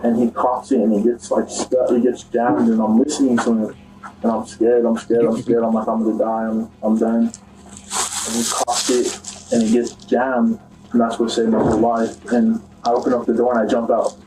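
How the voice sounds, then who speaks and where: A young man shakily recounting a traumatic event in an interview, halting and restarting often. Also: medium pitch, flat delivery, background noise. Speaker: interview subject.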